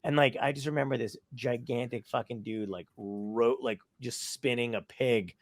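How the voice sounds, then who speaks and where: A man and podcast guest telling casual stories, swearing and animated as he tells them. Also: medium pitch, normal speed, dry recording. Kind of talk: casual storytelling.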